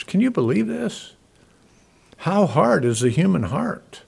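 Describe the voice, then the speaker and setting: A man preaching a sermon, talking conversationally to his listeners, swinging from loud emphatic peaks to soft, quiet asides. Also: high voice, sing-song, slow pace, gravelly, breathy edge. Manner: conversational, asks the congregation questions. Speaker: pastor.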